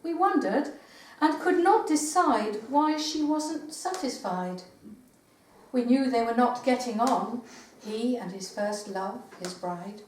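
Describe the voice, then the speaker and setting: An older woman poet giving a live poetry reading in a meeting house, with measured recitation and hesitant spoken asides. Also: fairly high pitch, lively intonation, a little mellow, a little hiss or hum. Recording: roomy live recording from far off.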